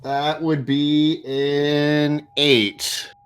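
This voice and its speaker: A man's voice: a little high, flat delivery, very slow, clear, resonant tone. A man playing a tabletop game, chatting casually as a player.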